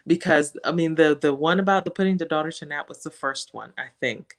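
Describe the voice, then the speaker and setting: A woman from West Africa talking as a guest in a casual interview, animated and laughing often. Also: sits low, a little fast. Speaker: guest, social media creator.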